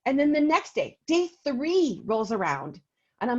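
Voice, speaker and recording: A woman's voice: on the high side, very animated, normal speed, lo-fi sound. A woman chatting on a video call as a meeting co-host, telling stories with lots of ums. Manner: chatty storyteller, many ums. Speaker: co-host of an oils business meeting. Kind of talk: casual video call talk.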